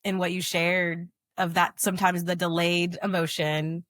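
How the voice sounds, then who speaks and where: A woman's voice: lowish voice, little pitch movement, normal speed, fairly bright tone, dry recording. A woman co-hosting a podcast, chatting casually and affirming her guest. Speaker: podcast co-host.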